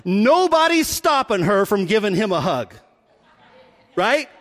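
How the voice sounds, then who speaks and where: A man preaching a sermon, telling the story with animated delivery and dropping to a hush for emphasis. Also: sits high, a little slow. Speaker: pastor. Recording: long hall reverb.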